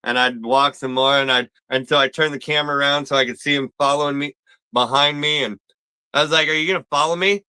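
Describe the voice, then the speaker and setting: A man's voice: medium pitch, level tone, fairly quick, sharp tone, clear, resonant tone, dry recording, low-quality recording. A man talking as a guest in a casual chat, laid-back and rambling with lots of fillers.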